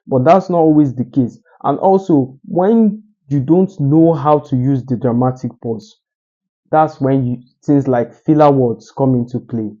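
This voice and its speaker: Man, communication coach, mellow low-key tone, slightly dull audio, deliberate pauses. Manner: deliberate, uses pauses for emphasis. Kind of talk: solo talking-head advice.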